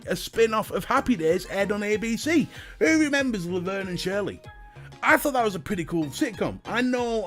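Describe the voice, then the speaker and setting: A British man hosting a casual livestream, chatting to viewers and reading their comments, jokey and talking straight to the chat. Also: high-pitched. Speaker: livestream host.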